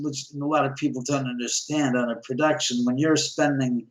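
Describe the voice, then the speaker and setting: A man talking as a guest on a show, telling a lively story and acting out the dialogue. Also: medium pitch. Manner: lively, acts out quoted dialogue, chuckles often. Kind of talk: animated anecdote telling. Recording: roomy echo.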